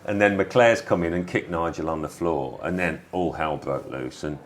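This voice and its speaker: An English man in his fifties, a former footballer, telling stories in a relaxed interview with small restarts. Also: low-pitched, moderate pace, slight background noise. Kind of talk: reflective conversational storytelling.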